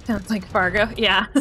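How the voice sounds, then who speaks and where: A woman's voice: medium pitch, a bit bright, a little hiss or hum. A young woman streamer giving casual, joking gameplay commentary, swearing freely and talking to her chat.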